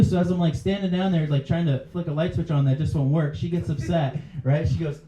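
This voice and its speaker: Mellow-voiced man doing stand-up, chatting with the crowd. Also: fairly high pitch, normal speed. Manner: chatty with the crowd, laughs at his own jokes. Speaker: stand-up comedian. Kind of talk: stand-up comedy set. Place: comedy club stage. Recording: dull, roomy live club recording. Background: faint audience laughter.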